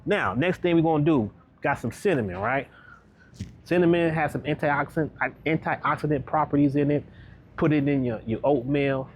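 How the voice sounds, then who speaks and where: A man's voice: on the high side, normal speed, a little hiss or hum. Chatty man coaching through a grocery trip. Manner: upbeat, chatty, keeps asking "right?". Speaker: wellness coach. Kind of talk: casual shopping vlog. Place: grocery store aisles.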